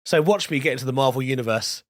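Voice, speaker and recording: A man's voice: mid-range voice, fast, very noisy. A man from London with a middle-class British accent, hosting a podcast in playful, jokey casual chat. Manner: playful, jokey, slips into silly put-on voices. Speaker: podcast host.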